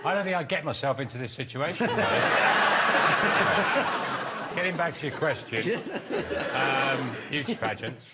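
A man doing deadpan comic bits as a panel show guest. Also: a little high, a little slow, long pauses. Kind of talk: comedy panel show banter. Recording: noisy studio with laughter.

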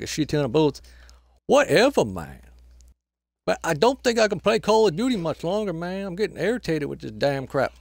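A man's voice: on the high side, darkish tone, no room sound. A man giving casual gameplay commentary, grumbling and swearing at opponents and tacking "man" onto nearly every phrase. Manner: swears and trash-talks opponents. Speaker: gameplay commentator filling in for the channel owner.

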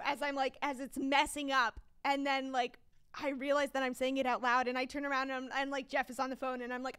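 Chatty high-voiced young woman podcaster. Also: flat delivery, a little fast, a bit bright. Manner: chatty, laughs often, lots of fillers. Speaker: podcast co-host. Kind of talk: casual chat.

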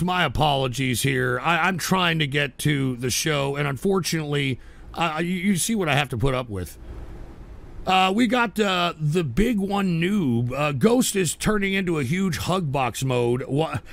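A man hosting a live stream, reading donations aloud and cursing at his chat in combative rants that burst into shouts. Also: fairly high pitch, expressive, measured pace, creaky. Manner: profane, combative ranting with sudden shouts. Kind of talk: live call-in style radio stream.

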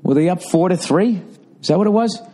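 A man's voice: fairly quick, dark tone. Exasperated profane middle-aged man. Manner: profane, exasperated, mocks fans in high voices. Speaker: podcast host. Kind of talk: casual ranting monologue.

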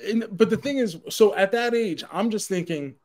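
Animated New man telling stories. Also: high voice, normal speed. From Queens, New York. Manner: animated storyteller, laughs at his own stories, swears casually. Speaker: podcast co-host. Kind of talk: casual pop culture chat.

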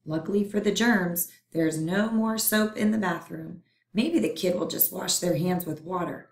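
A woman reading a children's picture book aloud in a playful, expressive way. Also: lowish voice, moderate pace. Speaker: storyteller. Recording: roomy echo.

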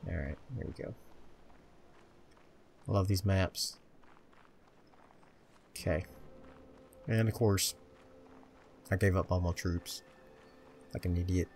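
A man's voice: sits low, steady tone, slow, gravelly, pauses often, a little mellow, slight background noise. A man casually commenting on his own video game play, muttering to himself and joking at his own expense. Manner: chatty, muttering to himself, self-mocking. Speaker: gameplay commentator.

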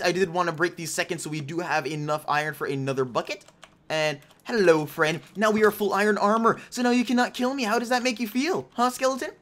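With a high-pitched, fairly bright voice, a young man commentates live on the game he's playing. He's a gaming YouTuber who chats to himself and his viewers and teases the other players.

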